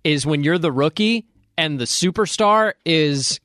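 A man co-hosting a casual sports podcast, chiming in with quick asides and opinions. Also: a little high, lively intonation, fairly bright tone, no echo, studio quality. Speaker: podcast co-host.

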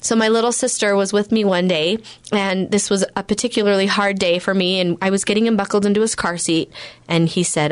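Animated woman telling a story, dry sound. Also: mid-range voice, moderate pace, dry recording. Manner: animated storyteller who acts out quotes. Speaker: guest. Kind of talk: personal storytelling on radio.

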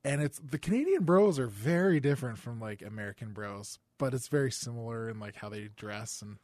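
A man co-hosting a podcast in a relaxed, enthusiastic casual chat. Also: mid-range voice, a little fast, dry recording, clean studio sound. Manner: relaxed, enthusiastic, laughs easily. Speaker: podcast co-host.

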